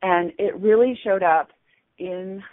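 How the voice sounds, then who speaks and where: A woman's voice: mid-range voice, slow. A woman calling into a radio show as a guest, talking chattily about her own experience. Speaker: caller, guest author. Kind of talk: casual phone interview. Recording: tinny phone line.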